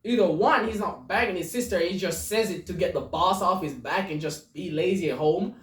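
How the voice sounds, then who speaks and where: A woman's voice: fairly low pitch, normal speed, distant mic. A woman hosting a podcast, commenting crudely on jokes, stammering and laughing, in an echoey room away from the mic. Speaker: podcast host. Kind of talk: casual joke commentary.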